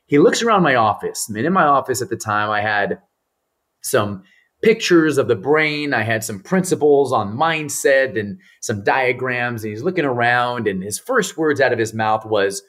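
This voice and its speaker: A man, a mental performance coach and podcast guest, telling a story in an animated way and acting out the people he quotes. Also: medium pitch, normal speed.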